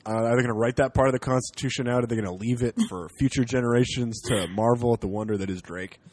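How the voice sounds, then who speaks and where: A man's voice: mid-range voice, quick pace, a little mellow, dry recording. A man from Canada, a comedian, rambling and joking in casual podcast chat with some swearing.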